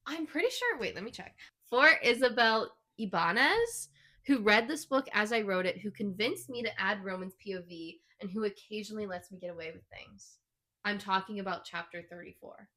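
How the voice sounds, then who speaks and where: Animated young woman, bright voice. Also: mid-range voice, normal speed. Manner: animated storyteller, retelling scenes. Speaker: podcast co-host. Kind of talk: casual book chat.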